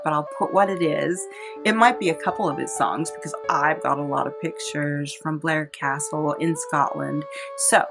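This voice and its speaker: Chatty woman telling a story. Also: fairly low pitch. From California. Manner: chatty, warm-hearted, laughs often, dramatizes quotes. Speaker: vlogger. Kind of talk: personal storytelling to camera. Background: soft instrumental music.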